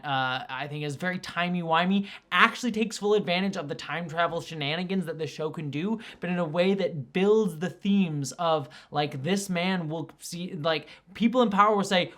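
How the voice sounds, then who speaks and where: A woman hosting her own review channel, talking casually through a show's finale. She rambles with lots of fillers and acts out quoted lines in quick, lively bursts. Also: low-pitched. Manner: rambling, filler-heavy, animated when excited. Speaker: film and TV reviewer, channel host. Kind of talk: casual video review commentary.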